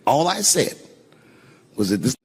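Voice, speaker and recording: A man performing a stand-up comedy set, telling a story in an animated way with loud punchlines. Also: medium pitch, measured pace. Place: large theater with audience. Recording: live venue with long reverb and audience noise.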